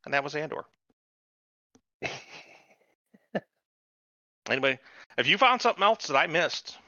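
A man's voice: fairly high pitch, lively intonation, unhurried, bright, forceful tone, no room sound. A man hosting a podcast, ranting about a show in casual, profane chat. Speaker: podcast host. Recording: dull lo-fi recording.

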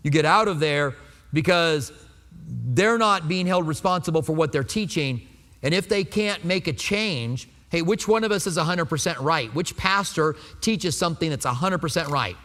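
Fifties pastor guy preaching, talks to the room like a chat, bit high pitched, echoey hall. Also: animated, moderate pace, sharp tone. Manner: conversational, asks the congregation rhetorical questions. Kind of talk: sermon.

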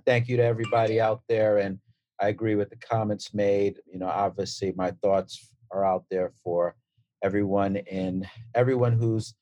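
A man in his forties from Brooklyn with a Brooklyn accent, a transplant surgeon talking as a guest in a relaxed, storytelling way with fillers and restarts. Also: fairly low pitch, dry recording. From Brooklyn, New York. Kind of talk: casual interview talk.

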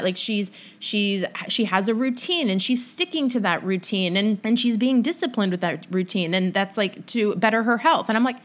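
A young adult woman, a business coach, giving casual solo podcast advice in a chatty, animated storytelling way full of "like". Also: medium pitch, moderate pace.

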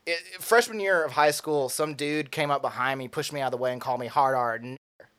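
A man's voice: medium pitch, fast talker, fairly bright tone, clear, resonant tone. A young man from Tennessee, telling a story in casual chat, profane and acting out quotes with laughs.

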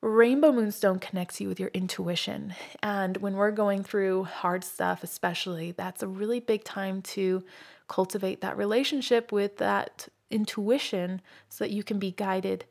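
Earnest woman with a gravelly edge. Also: medium pitch, steady tone, unhurried. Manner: warm, earnest, heartfelt storytelling. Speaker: crystal shop owner. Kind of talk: casual talk about healing stones.

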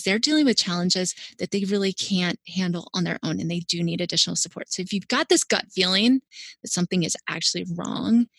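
Woman guest, feeding expert, animated and reassuring, dry close sound. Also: medium pitch, no room sound. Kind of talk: casual interview talk.

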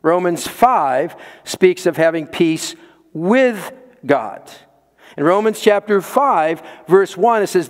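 A man's voice: high voice, animated, slow pace, long reverb tail. A man preaching a sermon as pastor, emphatic, repeating words for stress and pressing his listeners with questions.

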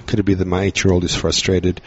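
Low, husky-voiced man explaining earnestly. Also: completely flat delivery, quick pace. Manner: reflective, explains at length. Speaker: podcast guest, parent. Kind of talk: earnest podcast conversation. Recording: dull lo-fi audio.

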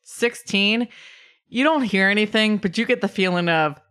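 A woman narrating as game master in a casual tabletop game, relaxed and plain. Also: medium pitch, moderate pace.

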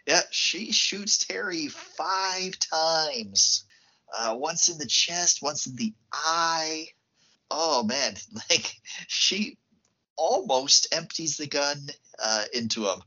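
Podcast co-host, casual film recap, frequent laughs, bright voice, breathy edge, muffled lo-fi sound. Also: mid-range voice, slow. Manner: laughs often, relaxed plot recap.

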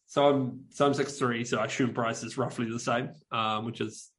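Kiwi guy rambling thru a story, lots of ums and restarts, mid pitch voice. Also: steady tone, moderate pace. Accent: New Zealand. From New Zealand. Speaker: podcast co-host. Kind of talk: casual chat.

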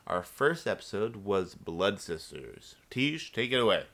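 Bright, low-pitched man hosting a podcast. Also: big pitch swings, unhurried. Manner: chatty, filler-heavy, hands segments to co-host. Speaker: podcast host. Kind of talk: casual chat.

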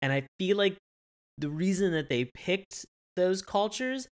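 A woman co-hosting a podcast in casual chat, animated and swearing freely, jumping into mocking quotes. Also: lowish voice, measured pace. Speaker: podcast co-host.

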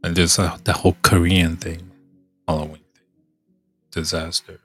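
A podcast host, a man with a congested, hoarse voice, rambling in casual chat, halting and trailing off as he thinks aloud. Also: low-pitched, flat delivery, a bit bright, soft background music.

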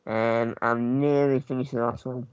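A man chatting casually as a podcast co-host, relaxed and rambling, with many pauses. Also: medium pitch, smooth, no room sound. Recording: slightly dull lo-fi mic.

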